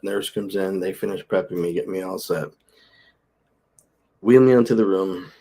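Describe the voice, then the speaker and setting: A man's voice: low-pitched, steady tone, measured pace, vocal fry, long pauses, mellow, breathy edge. A middle-aged man telling a story casually to camera, blunt and candid, mixing in quoted dialogue and the odd swear word. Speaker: vlogger.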